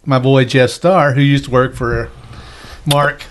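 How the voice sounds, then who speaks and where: Male chef guest, mid-pitch, loose anecdotal storyteller. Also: fairly even intonation, measured pace, a little hiss or hum. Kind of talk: casual storytelling.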